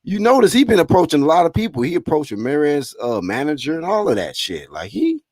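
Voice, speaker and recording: A man's voice: a little high, very animated, fast talker, darkish tone, no room sound, clean studio sound. A man interviewing in casual chat, laid-back and slangy, often chuckling as he talks.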